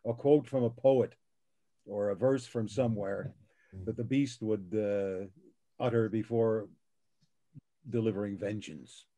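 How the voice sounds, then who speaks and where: An older man with a soothing, gentle voice, telling unhurried stories as a voice actor guest on a video call. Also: on the low side, fairly even intonation. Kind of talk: casual chat on a video call.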